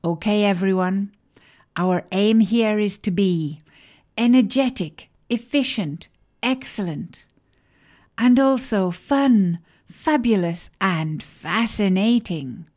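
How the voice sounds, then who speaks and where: A woman doing a calm, charming magical gentleman. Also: mid-range voice, takes it slowly. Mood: rallying. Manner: upbeat, rallying speech delivery.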